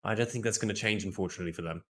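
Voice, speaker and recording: Man, esports analyst, low voice, measured, stat-focused, wry. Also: fairly bright tone. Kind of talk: pre-match stats analysis.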